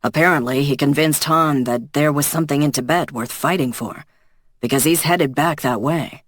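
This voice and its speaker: An audiobook narrator voicing a male tracker who reports news in a brisk, serious way. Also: medium pitch, fairly bright tone, no room sound, lightly acted.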